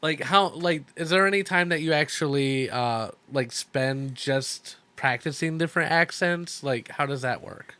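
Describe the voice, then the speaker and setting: Fairly high-voiced male show host. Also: a little slow, hardly any pauses, sharp tone, dry recording. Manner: easygoing, repeats filler words. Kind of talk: casual interview chat.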